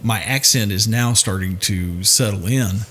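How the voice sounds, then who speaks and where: A married man co-hosting a casual podcast, telling stories in a laid-back, drawn-out way. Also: on the low side, fairly bright tone. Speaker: podcast co-host. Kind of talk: casual chat.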